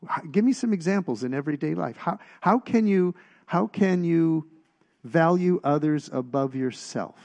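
A man preaching in a relaxed, conversational way, his voice gravelly with fry. He leans on emphasis and keeps asking the listeners questions. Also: fairly high pitch, moderate pace, highs cut off. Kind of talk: sermon.

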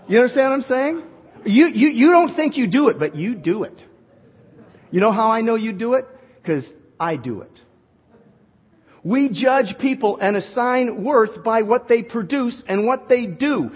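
A male pastor preaching an animated sermon, joking with his congregation. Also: very high voice, unhurried, slightly rough. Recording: dull recording in a reverberant hall.

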